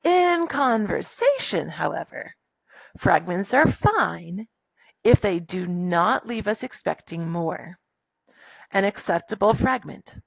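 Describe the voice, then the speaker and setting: A woman teaching a grammar lesson in a classroom, brisk and firm with her students as she dictates punctuation aloud. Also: fairly low pitch, expressive, creaky, slightly rough, no echo, lo-fi sound.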